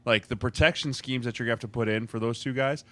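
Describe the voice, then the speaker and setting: A man's voice: medium pitch, fast, sharp tone, dry recording. Explaining male coach, dry close sound. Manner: explanatory, keeps asking "right?". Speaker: college offensive line coach, podcast co-host. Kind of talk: casual sports chat.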